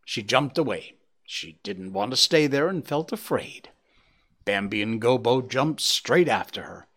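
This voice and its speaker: A man's voice: measured pace, slightly rough. A man reading a children's story aloud, bringing the characters to life with a varied voice. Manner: lively, voicing characters with shifting pitch. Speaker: narrator.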